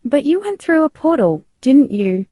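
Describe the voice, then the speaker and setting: A woman host delivering measured documentary-style narration and asking interview questions. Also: sits high, very animated, dark tone, no room sound, studio quality.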